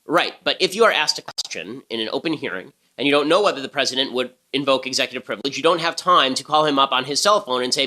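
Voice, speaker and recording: A man's voice: mid-range voice, fast talker, hardly any pauses, bright, forceful tone. A man hosting a political podcast, delivering commentary in a punchy, sarcastic way. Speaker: podcast host.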